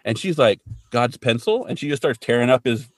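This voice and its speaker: A man's voice: mid-range voice, quick pace, no echo, studio quality. A man co-hosting a podcast, joking and acting out characters as he retells a TV episode. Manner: animated, jokey, mimics characters in quotes. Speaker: podcast co-host. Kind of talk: casual episode recap chat.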